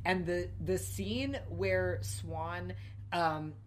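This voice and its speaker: A woman's voice: fairly low pitch, very slow, slight background noise. A woman co-hosting a casual film review podcast, talking thoughtfully with many fillers and restarts. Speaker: podcast co-host.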